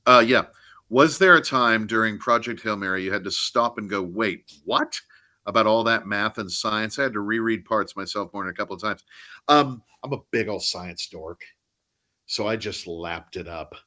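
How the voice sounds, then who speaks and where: A man, an audiobook narrator, talking casually in a live online interview, animated and self-deprecating. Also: lowish voice, moderate pace. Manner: animated, self-deprecating, drops into joking mock accents. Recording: live online video chat.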